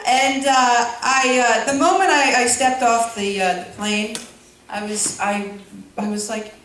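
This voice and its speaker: A woman's voice: a little high, fairly even intonation, a little slow, a bit bright, slight background noise. A young woman performing a stand-up comedy set, rambling through her jokes with lots of fillers and self-deprecating asides. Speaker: stand-up comic. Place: school auditorium before a laughing audience. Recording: echoey hall from far off.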